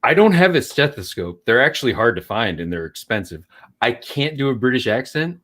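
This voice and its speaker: A man's voice: medium pitch, sing-song, fairly quick, fairly bright tone. A man in casual chat, blunt and sarcastic, swearing freely.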